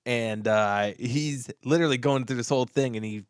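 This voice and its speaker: A man's voice: mid-range voice, moderate pace, clean tone, no echo, clean studio sound. A man co-hosting a podcast in casual chat, telling stories animatedly and laughing often. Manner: animated storyteller, acts out bits with laughter. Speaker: podcast co-host.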